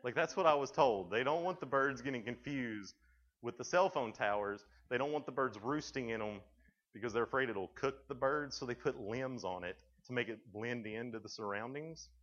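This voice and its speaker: A man's voice: mid-range voice, moderate pace, fairly bright tone. Joking young Tennessee man, muffled. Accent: Tennessee Southern American. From Tennessee, USA. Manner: joking storyteller who acts out dialogue. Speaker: youth speaker. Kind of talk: humorous talk to students. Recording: dull lo-fi recording.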